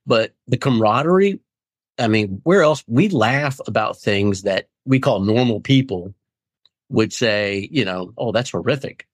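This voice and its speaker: A man's voice: lowish voice, lively intonation, unhurried, no echo. Earnest rambling man, dry sound. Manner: earnest, rambling, acts out quoted friends. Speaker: guest in recovery. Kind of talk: candid interview conversation.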